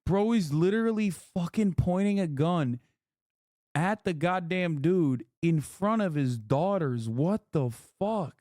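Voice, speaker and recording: A man's voice: high voice, expressive, slow pace, dark tone, no echo, clean studio sound. A man streaming his reactions to a video, blunt and profane, with incredulous remarks. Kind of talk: casual reaction commentary.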